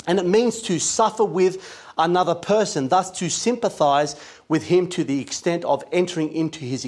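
Male preacher, earnest sermon delivery, slightly higher voice. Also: darkish tone. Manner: earnest, emphatic preaching with scripture quotes.

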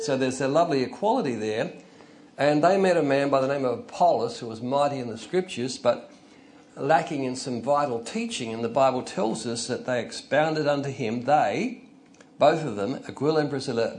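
A man's voice: medium pitch, darkish tone, a little hiss or hum. An older man preaching an informal, conversational sermon, telling stories and rising into emphatic bursts. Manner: conversational, storytelling, chuckles, rises to emphatic bursts.

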